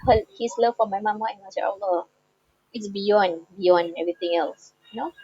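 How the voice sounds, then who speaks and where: A woman tells an emotional personal story, halting and heartfelt, with many repeated fillers. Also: mid-range voice, dark tone, no room sound. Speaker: bereaved daughter sharing a personal story. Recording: slightly dull, dry recording.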